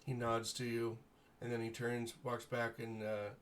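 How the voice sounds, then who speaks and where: Male game master, very slow, halting, improvised narration. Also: mid-range voice, monotone, slight background noise. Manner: halting, unscripted narration with self-corrections.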